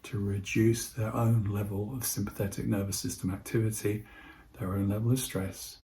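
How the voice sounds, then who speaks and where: A man giving an instructional talk on voice techniques, speaking in a calm, measured way and slowing his speech with deliberate pauses. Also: fairly low pitch, slight background noise. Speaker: presenter teaching voice techniques to healthcare staff.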